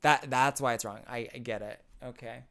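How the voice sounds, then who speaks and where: A man's voice: mid-range voice, steady tone, normal speed, bright, forceful tone. A man hosting a casual livestream, reading out chat and reacting sarcastically, laughing and repeating himself. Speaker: streamer host reading chat. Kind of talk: casual live-stream commentary.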